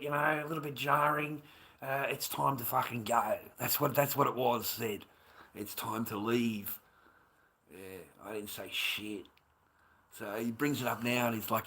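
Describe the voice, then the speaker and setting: Forceful, swearing middle-aged man ranting. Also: mid-range voice. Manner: rambling, heavy swearing, agitated. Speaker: livestreamer. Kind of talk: casual livestream chat.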